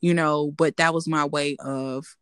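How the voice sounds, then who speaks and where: A woman's voice: low voice, fairly even intonation, measured pace, smooth, dry recording. A young adult woman co-hosting a podcast, talking candidly and reflectively in casual chat. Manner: candid, reflective, repeats herself for emphasis. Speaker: podcast co-host.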